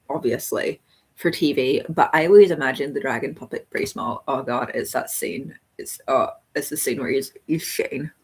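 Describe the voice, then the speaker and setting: Woman host, casual live-stream reviewer; low, slightly breathy voice, meandering and talkative. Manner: rambling and chatty, thinking aloud with many ums.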